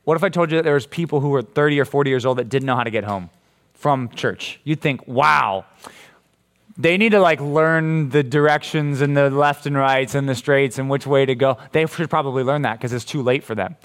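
A man preaching a casual, energetic youth sermon, joking and asking rhetorical questions as he walks through a Bible passage. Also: mid-range voice, fairly quick, clear, resonant tone. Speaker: youth pastor.

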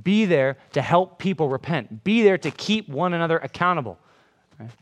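A man preaching a sermon in a room full of people, with a voice that sits a little high for a man. He talks in a casual, conversational way, keeps asking "right?", and acts out quotes in different voices. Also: very animated, moderate pace. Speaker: pastor. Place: room with a congregation.

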